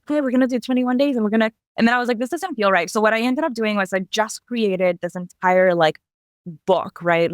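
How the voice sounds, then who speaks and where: A woman guest on a podcast interview, speaking in an animated way and acting out voices in her stories. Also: mid-range voice, no room sound, clean studio sound. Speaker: guest, mentor. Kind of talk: casual interview chat.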